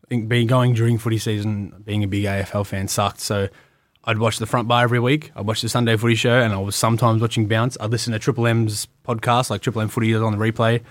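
A man's voice: fairly low pitch, flat delivery, dry recording, clean studio sound. A young Australian man, a wrestler, telling stories in a casual podcast interview and acting out what others said. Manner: quick storytelling, acts out voices of others. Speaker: guest wrestler.

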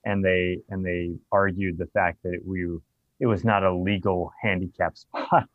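Low-voiced bar owner telling profane stories. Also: male voice, measured pace, dry recording, narrow, tinny audio. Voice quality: profane, animated anecdote telling. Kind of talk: casual storytelling.

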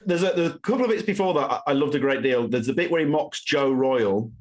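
A man in casual podcast chat, an animated storyteller relishing funny anecdotes. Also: medium pitch, quick pace.

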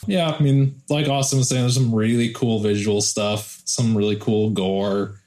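A man's voice: lowish voice, steady tone, moderate pace, a little mellow. A man giving a hesitant, noncommittal opinion in a casual film podcast chat.

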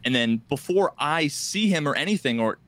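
A man on a casual gaming podcast with a slightly high voice, talking in loose rambling runs full of restarts. He acts out the lines of other players as he tells a story. The recording is close and dry, with no room around it. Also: lively intonation, normal speed, a bit bright, no room sound. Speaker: podcast co-host.

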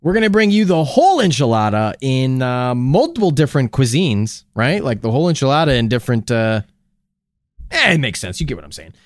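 A man co-hosting a comedy podcast, talking in a loose, halting, rambling way with jokes. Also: medium pitch, big pitch swings, dry recording, clean studio sound. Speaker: podcast co-host.

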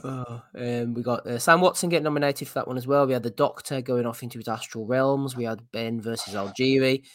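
A man hosting a boxing podcast, calmly running through a list of items. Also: mid-range voice, fairly quick, no room sound, studio quality. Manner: easygoing, runs through the segment list. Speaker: podcast host. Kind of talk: casual boxing chat.

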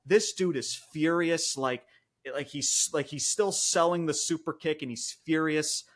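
A man co-hosting a podcast, recapping a wrestling show in casual chat, excited and swearing freely with lots of fillers. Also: a little high, a little slow. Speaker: podcast co-host reviewing wrestling.

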